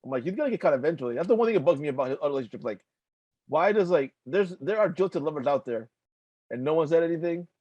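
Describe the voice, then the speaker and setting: A man's voice: a little high, animated, fast, dry recording, dull audio. A young adult man co-hosting a casual comics podcast, rambling in loose chat with lots of filler and the odd swear. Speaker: podcast co-host.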